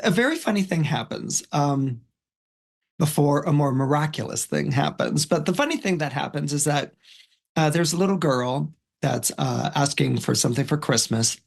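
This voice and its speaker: A man's voice: on the high side, moderate pace, vocal fry, husky. A man on a podcast casually retelling a film's story in a rambling way, with many fillers and restarts. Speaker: astrologer and podcast guest. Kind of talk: casual retelling of a film plot.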